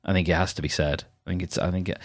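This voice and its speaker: A man's voice: deep voice, fairly even intonation, rapid-fire, dry recording, clean studio sound. A man hosting a solo podcast, chatting in a meandering, self-deprecating way. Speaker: podcast host. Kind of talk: rambling solo podcast chat.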